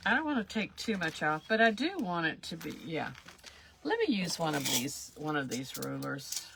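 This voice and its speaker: A woman's voice: low voice, sing-song, moderate pace, vocal fry, background noise. A woman hosting a live craft demonstration, chatting in a rambling, self-deprecating way as she works. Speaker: craft livestream host.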